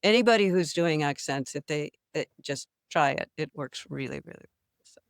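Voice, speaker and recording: A woman's voice: low voice, normal speed, vocal fry, clear, resonant tone, dry recording, studio quality. An older woman, an actress, talking as a guest in a casual interview, telling stories with animation and frequent laughter. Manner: animated storyteller, laughs often. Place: New England.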